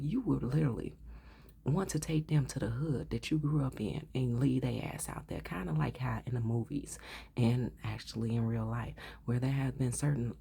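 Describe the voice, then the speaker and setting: A woman's voice: rumbling low, gravelly, mellow, slightly rough. A woman giving a casual tarot reading, blunt and profane, often dropping into a whisper. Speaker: tarot reader.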